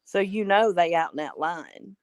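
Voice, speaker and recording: Rambling woman, low-pitched, casual caller. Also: animated, moderate pace, no room sound. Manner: rambling, trails off with "kind of thing and stuff". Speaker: regular caller. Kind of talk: casual chat.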